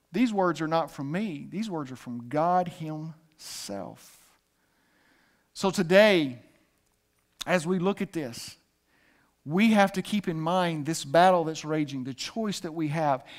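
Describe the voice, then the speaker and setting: A male pastor preaching a sermon, calling on the congregation to repeat after him and joking between points. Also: sits high. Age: adult with a son. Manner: preaching with call-and-response and humor.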